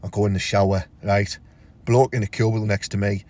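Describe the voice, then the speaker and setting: A young man with a Teesside accent delivering a crude, swearing comic rant to camera, his voice jumping high when he gets outraged. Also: little pitch movement, fairly quick, darkish tone. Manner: crude, ranting, swears freely, big pitch jumps when outraged. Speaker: comedian.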